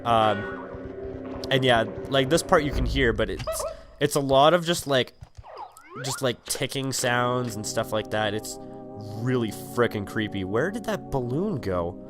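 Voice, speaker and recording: A man's voice: mid-range voice, expressive, a little slow. A young man giving rambling, casual commentary over his gameplay, full of ums, likes and swearing. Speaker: let's play gamer. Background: game music.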